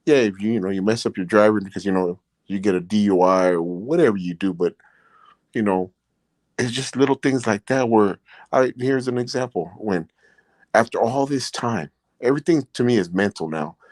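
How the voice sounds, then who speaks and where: He's a middle-aged former prisoner hosting a podcast, rambling through personal stories with plenty of "you know," becoming earnest and emotional along the way. His voice is on the low side and a little mellow, at normal speed, with no echo.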